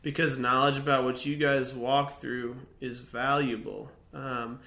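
A man's voice: medium pitch, level tone, measured pace, creaky, bright, forceful tone, roomy sound. A man co-hosting a faith podcast, speaking hesitantly with many fillers and restarts, a little away from the mic. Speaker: podcast co-host.

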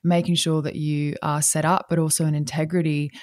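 A woman with a fairly low voice hosts a relaxed interview, gushing over her guest's ideas. The sound is close and dry, with no room in it. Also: fairly quick, no echo. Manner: gushing, spiritual wellness talk. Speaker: podcast host. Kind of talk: casual interview chat.

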